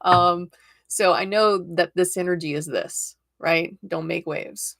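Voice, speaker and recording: Chatty woman with a gravelly low voice. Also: a little slow, fairly bright tone, dry recording, clean studio sound. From United States. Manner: chatty and encouraging, laughs often. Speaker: tarot reader hosting a live stream. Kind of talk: casual live-stream chat and readings.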